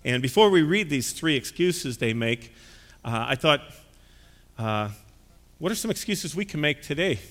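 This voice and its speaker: A male pastor preaching in a folksy, chatty manner, dotted with "uh" fillers. His voice is bright and crisp, and it rings with long reverb through the church. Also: on the high side, animated, normal speed, pauses often. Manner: conversational and folksy, with frequent "uh" fillers. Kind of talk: sermon.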